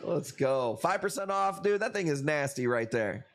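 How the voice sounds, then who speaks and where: A man's voice: fairly high pitch, lively intonation, normal speed. Loose-talking guy hosting a stream. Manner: loose, profane banter with viewers, says dude a lot. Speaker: live coral auction stream host. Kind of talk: casual live-stream chat and auctioneering.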